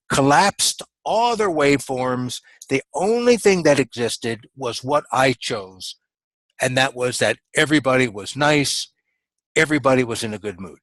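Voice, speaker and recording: A man's voice: medium pitch, a bit bright, no echo, rough recording. A man giving a motivational coaching talk in a webinar, earnest and emphatic, repeating his key phrases. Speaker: business coach.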